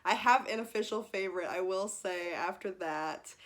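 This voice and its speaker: A woman's voice: mid-range voice, normal speed. A young woman in her twenties chatting casually in a book vlog, gushing and emotional, laughing often and close to tears. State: teary, close to crying. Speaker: book vlogger.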